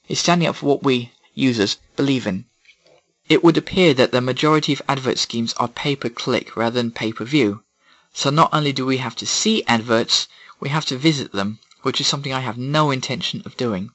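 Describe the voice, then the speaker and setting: A man's voice: medium pitch, a bit bright, highs cut off. A man reading a scripted opinion monologue in a sarcastic, ranting manner.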